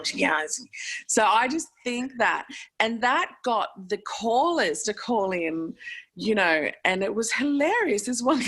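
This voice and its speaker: An Australian woman in casual podcast chat, a lively storyteller who swears freely and laughs often. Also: medium pitch, vocal fry, slightly rough.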